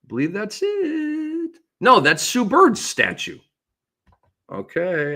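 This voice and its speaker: A middle-aged man hosts a sports show alone, ranting with excitable swings in volume. His voice sits high and bright. It leaps around with a lively, bouncing pitch. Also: a little slow. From lives in the Tampa Bay area. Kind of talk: animated solo sports commentary.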